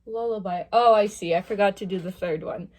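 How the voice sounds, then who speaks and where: A woman's voice: medium pitch, a little fast, a little mellow. A young woman, a music student, chatting casually as she reacts to a song cycle, thinking aloud and picking apart the music. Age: young adult. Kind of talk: casual listening reaction commentary.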